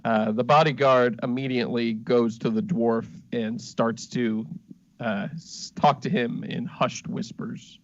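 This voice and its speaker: A man runs a tabletop game at a slow, halting pace and fills his pauses with ums and uhs. His voice has a middle pitch. The recording sounds dry and a bit muffled. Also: fairly even intonation, no room sound. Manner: halting, with many fillers. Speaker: game master.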